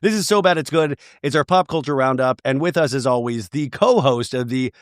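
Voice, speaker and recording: A man hosting a casual pop culture podcast, his voice froggy from a head cold, animated and laughing often. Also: medium pitch, fairly quick, no room sound, studio quality. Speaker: podcast host.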